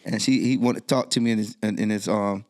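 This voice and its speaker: A middle-aged man, a guest DJ, telling a personal story in a podcast interview, his voice jumping high when he quotes himself. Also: fairly even intonation, quick pace.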